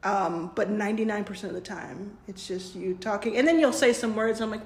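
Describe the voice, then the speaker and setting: A woman in her forties chatting casually as a co-host, playful and quick to laugh. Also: mid-range voice, fairly even intonation, slight background noise. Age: 40s. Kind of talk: casual chat. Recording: roomy echo.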